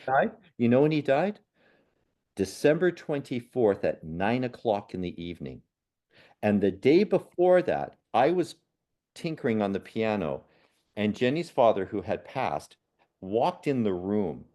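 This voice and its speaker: Mellow low-voiced man telling stories. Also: big pitch swings. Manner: earnest, unhurried, with soft laughs and restarts. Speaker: guest, spiritual medium and healer. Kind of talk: reflective personal storytelling in a podcast conversation.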